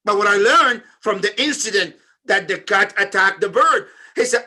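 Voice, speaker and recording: A man telling a story in a memorial sermon, swinging between loud emphatic phrases and hushed, low ones. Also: animated, moderate pace, few pauses. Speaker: speaker at a memorial majlis. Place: community center.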